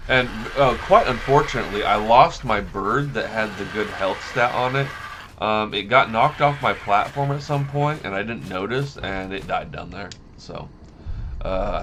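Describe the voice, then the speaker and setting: Lowish male gamer, chatty and rambling over gameplay, audible background noise. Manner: rambling, self-correcting, easily amused. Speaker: gaming YouTuber. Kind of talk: casual let's-play commentary.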